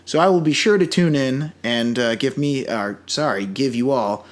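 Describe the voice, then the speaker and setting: A man's voice: mid-range voice, moderate pace. Chatty male podcast co-host. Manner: chatty, restarts often, enthusiastic asides. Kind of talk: casual chat.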